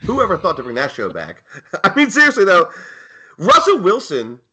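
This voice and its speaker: A man co-hosting a loose betting chat, firing off sarcastic jokes and riffs. His voice is bright and tense, and it swings widely up and down in pitch. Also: huge pitch swings, moderate pace, breathy edge. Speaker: co-host. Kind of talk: casual sports betting chat.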